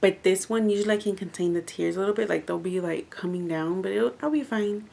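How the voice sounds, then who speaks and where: A woman's voice: mid-range voice, fast, vocal fry, a little mellow. A woman reviewing books in a casual vlog, chatty and rambling, with lots of "like" fillers. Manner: chatty, rambling, heavy use of "like". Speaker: book reviewer.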